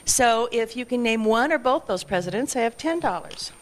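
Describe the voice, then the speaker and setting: A woman at a club meeting, briskly and playfully announcing a trivia game to the room. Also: on the high side, lively intonation, low-quality recording. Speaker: club member leading trivia.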